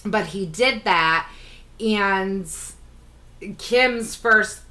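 Thirties woman co-host, bright voice, gushing and animated, laughs easily; casual chat. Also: mid-range voice, very slow. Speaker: podcast co-host.

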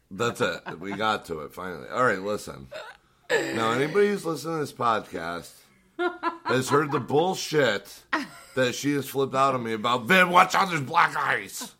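A man co-hosting a podcast, talking in animated, profane, teasing banter. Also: medium pitch, moderate pace, pauses often. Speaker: podcast host.

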